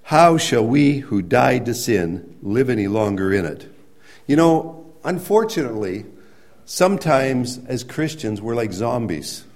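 A man preaching a sermon, explaining scripture in a conversational way and rising to emphatic, near-shouted points. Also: medium pitch. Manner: conversational with restarts and everyday examples. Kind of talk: sermon teaching.

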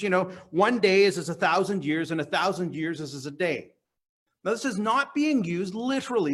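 Male pastor with a high voice preaching an earnest teaching sermon at a church service. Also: a bit bright. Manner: earnest, teaching, stresses words slowly. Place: church service on a live stream.

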